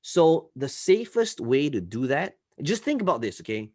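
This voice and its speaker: A man coaching a live online class, often checking in with listeners and swinging between loud and soft delivery. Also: on the high side, big pitch swings, moderate pace, dry recording, clean studio sound. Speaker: marketing coach.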